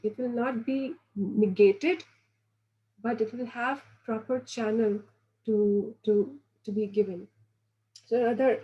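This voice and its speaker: A woman's voice: fairly high pitch, warm tone, rough recording. A woman giving a devotional lecture, earnest and instructive, often restarting phrases and acting out quoted voices. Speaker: spiritual teacher.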